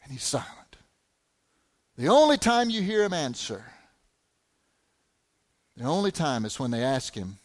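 A middle-aged man preaching a sermon, animated, full of rhetorical questions and repeated words. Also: mid-range voice, unhurried, pauses often. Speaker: pastor.

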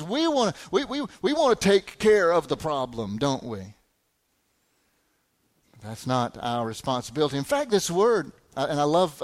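A middle-aged man preaching a sermon, animated, full of rhetorical questions and repeated words. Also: fairly high pitch. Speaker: pastor.

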